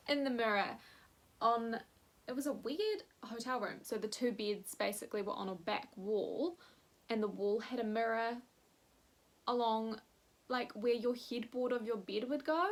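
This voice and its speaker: A young woman, telling a personal story in a candid, animated vlog chat. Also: a little high, unhurried. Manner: candid, animated retelling with quoted voices. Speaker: vlogger.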